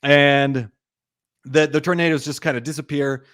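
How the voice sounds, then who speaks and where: A man's voice: on the high side, steady tone, moderate pace, fairly bright tone, no echo, clean studio sound. A young man co-hosting a podcast, rambling through a movie plot with lots of fillers. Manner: rambling retelling, lots of "like", acts out quotes. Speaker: podcast co-host. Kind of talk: casual movie recap chat.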